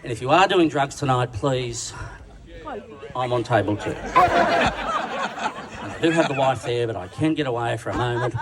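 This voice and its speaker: A man's voice: mid-range voice, huge pitch swings, measured pace, pauses often, very noisy. An Australian man giving a bawdy, crude, self-mocking roast speech on stage at a dinner, with the crowd laughing along. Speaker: roast speaker. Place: large function room at a dinner event. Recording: distant sound with a loud crowd.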